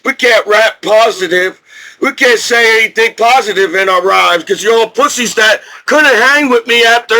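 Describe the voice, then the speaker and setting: A middle-aged military veteran from New Jersey rants angrily to the camera, swearing and repeating himself. His high voice sounds pushed and bright, and he comes across as agitated. The recording quality is low.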